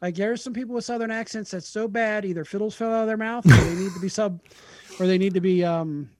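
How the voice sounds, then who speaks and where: A man with a notably high voice teases bluntly and swears freely in casual podcast talk. He speaks with a loose, joking edge. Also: fast talker, darkish tone, dry recording. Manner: blunt, teasing, profane. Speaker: podcast co-host. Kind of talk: casual chat.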